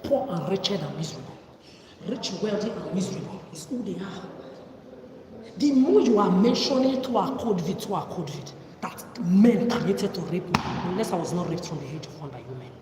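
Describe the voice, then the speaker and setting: A woman delivers a confrontational livestream rant, full of accusing rhetorical questions, in a fairly low voice. She sounds far from the mic in an echoey room with a long reverb tail, and steady background noise sits clearly under her. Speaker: livestream host. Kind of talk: ranting livestream monologue.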